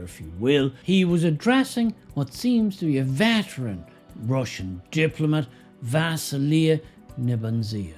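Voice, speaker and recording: A man's voice: a little high, animated, a little slow, a little mellow, soft background music. A man giving sarcastic political commentary in a mocking, emphatic way. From Ireland.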